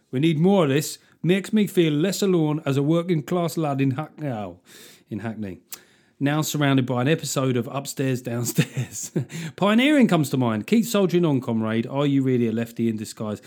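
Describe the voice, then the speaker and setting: A man's voice: fairly high pitch, lively intonation, normal speed, a little mellow. A man hosting a podcast, ranting comically with lots of swearing and sardonic asides while reading out listener reviews. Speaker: podcast host.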